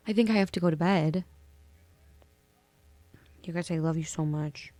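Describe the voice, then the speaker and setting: A woman's voice: low voice, moderate pace, long pauses, mellow, dry recording. A young woman hosting a casual solo podcast, sleepy and yawning, chatting affectionately and rambling with self-corrections. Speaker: podcast host.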